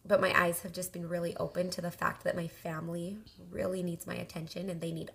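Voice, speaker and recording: A woman's voice: on the low side, flat delivery, fast, gravelly. A woman co-hosting a podcast, speaking sincerely and candidly in a casual chat. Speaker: podcast co-host.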